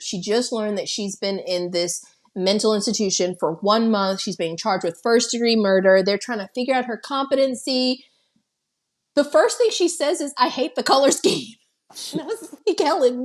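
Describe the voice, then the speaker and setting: A woman with a slightly high voice, co-hosting a podcast and walking listeners through a film plot. She talks casually, swears freely and slips into the characters' voices to act out their lines. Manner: animated storytelling, swearing, acting out characters' lines. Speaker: podcast co-host. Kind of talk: casual movie recap chat.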